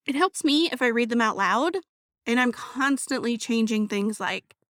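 A chatty woman hosts her own podcast, her voice sitting a little high. She talks casually and with animation, as if to a friend. The sound is close and dry, with no room around it. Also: animated, normal speed, a bit bright, no echo. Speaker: podcast host. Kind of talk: casual solo podcast talk.

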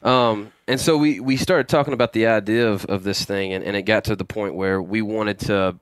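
A man talking as a podcast guest, halting and restarting often as he tells a story. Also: on the low side, fairly even intonation, smooth, no room sound, clean studio sound. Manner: halting, many restarts and repeated words. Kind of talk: casual storytelling in a podcast interview.

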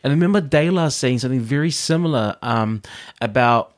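A man co-hosting a podcast, chatting casually and animatedly, acting out what others said. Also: brisk. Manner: animated storyteller, acts out quotes with jumps in pitch. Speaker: podcast co-host. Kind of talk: casual chat.

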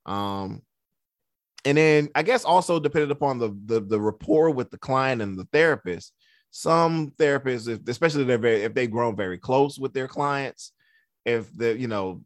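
A male therapist in a casual podcast chat, his pitch rising and falling a lot as he tells stories. He slips into a higher voice to act out what people said to him. The sound is dry and close, with little room echo. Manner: relaxed storyteller, acts out quotes in a raised voice.

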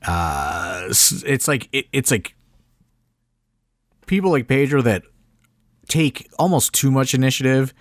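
Recorded at studio quality with no room sound, a man with a lively, mid-range voice speaks at a measured pace with long pauses. As a podcast co-host and wrestling promoter, he chats casually, telling rambling backstage stories thick with fillers and some mild swearing.

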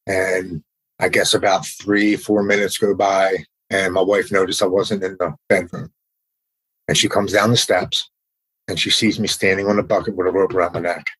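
A man's voice: low voice, flat delivery, fairly bright tone, breathy edge, low-quality recording. A man telling a personal story in a casual, earnest way, often stumbling and repeating words. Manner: earnest, halting, repeats words when emotional.

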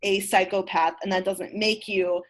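A woman interviewer asking thoughtful, measured questions in a casual conversation. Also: mid-range voice, steady tone.

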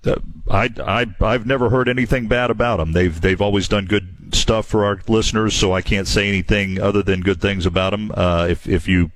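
A man hosting a home improvement call-in radio show, friendly and quick to laugh. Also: lowish voice, fairly even intonation. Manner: friendly, laughs easily, keeps things moving.

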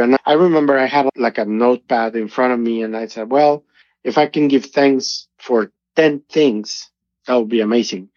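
A man's voice: medium pitch, moderate pace, a little mellow, dry recording. Man, middle-aged, guest telling a heartfelt story; dull lo-fi sound. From Mexico. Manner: earnest, emotional storytelling. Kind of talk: personal testimony in interview. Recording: dull lo-fi audio.

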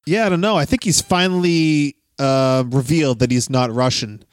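A man's voice: mid-range voice, moderate pace, clear, resonant tone, dry recording, studio quality. A man hosting a casual podcast, chatting and reading listener messages aloud. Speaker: podcast host.

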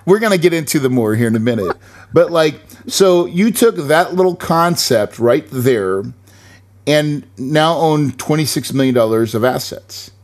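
A man's voice: a little high, lively intonation, moderate pace. A man hosting a casual interview podcast, upbeat and enthusiastic, tagging his points with "right?". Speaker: podcast host.

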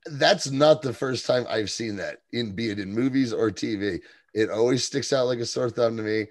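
A man's voice: medium pitch, normal speed. A man co-hosting a podcast, chatting casually about a TV episode, laughing often and acting out lines as he recaps. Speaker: podcast co-host.

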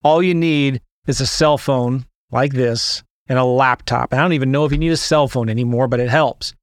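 A man hosting a podcast, opening the episode with an energetic monologue full of rhetorical questions to his listeners. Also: medium pitch, moderate pace, no room sound, clean studio sound. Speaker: podcast host.

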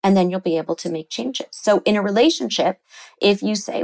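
A middle-aged woman therapist explaining things earnestly in an interview, lively when she quotes people. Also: mid-range voice, fairly quick, gravelly, low-quality recording. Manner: earnest, explanatory, animated when quoting others. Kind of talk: interview conversation.

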